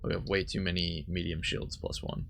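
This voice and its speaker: Gravelly man chatting over gameplay. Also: sits low, little pitch movement, normal speed, a bit bright, faint music behind. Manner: rambling, self-correcting, thinking aloud. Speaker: let's play host. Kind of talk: casual gameplay commentary.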